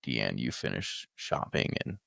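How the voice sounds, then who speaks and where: A man's voice: extremely low pitch, very animated, measured pace, creaky, pushed and bright, no echo, studio quality. A man in his forties co-hosting a podcast, easygoing and stumbling over his first words. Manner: easygoing, repeats words when starting. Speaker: podcast co-host. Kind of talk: casual podcast chat.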